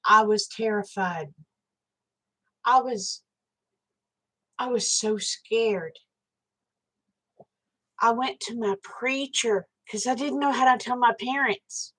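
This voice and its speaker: Slow-talking woman telling stories. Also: on the high side, a bit bright, low-quality recording. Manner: frank, chatty, swears casually, talks straight to viewers. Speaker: live-stream host. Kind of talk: casual live-stream storytelling.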